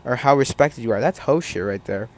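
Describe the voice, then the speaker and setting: Young male podcast host, profane and animated rant, mid-pitch voice. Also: fairly quick.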